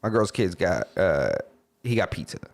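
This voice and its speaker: A man's voice: low-pitched, normal speed, gravelly. A man co-hosting a podcast, telling a story in casual chat, swearing and acting out the other people's lines. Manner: animated, swearing, acts out dialogue. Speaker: podcast co-host.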